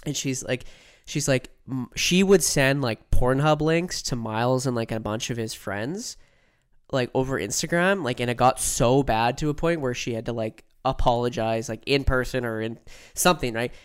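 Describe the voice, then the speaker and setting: A young man with a smooth, clear voice at an ordinary middle pitch, co-hosting a casual podcast. He rambles through a long personal story, leaning on "like" and "right?" and slipping into other people's voices when he quotes them. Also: moderate pace. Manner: rambling, peppers sentences with "like" and "right?"; acts out quoted voices while telling stories. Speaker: podcast co-host.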